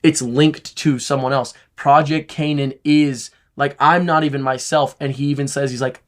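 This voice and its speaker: A man hosting a podcast, excitedly recapping a story in a rambling way with lots of "like". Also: medium pitch, normal speed, few pauses. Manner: animated, rambling, heavy use of "like". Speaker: podcast host.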